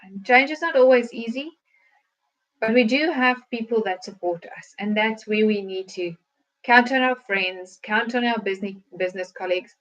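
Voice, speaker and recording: A woman's voice: on the high side, moderate pace, a bit bright, dull audio. A woman, a wellness consultant, gives a hesitant motivational talk on a livestream from home, full of filler ums and questions to viewers.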